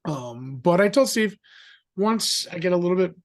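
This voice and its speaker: A middle-aged man telling a story in a rambling, animated way, acting out the voices of others. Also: high voice, normal speed. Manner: animated, acts out quoted voices; rambling with fillers and restarts. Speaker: guest. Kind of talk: casual storytelling.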